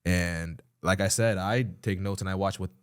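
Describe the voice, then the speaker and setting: A man, hosting a podcast in casual chat and telling stories in an animated, slangy way. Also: deep voice, moderate pace, smooth. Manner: slangy, animated storytelling with profanity. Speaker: podcast host.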